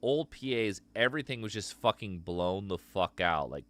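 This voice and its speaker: A man's voice: sits low, animated, slow pace, gravelly, noisy background. A man hosting a live stream and taking callers, talking in a loose, profane, rambling way. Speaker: host taking live calls. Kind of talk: casual live-stream chat. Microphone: streaming mic.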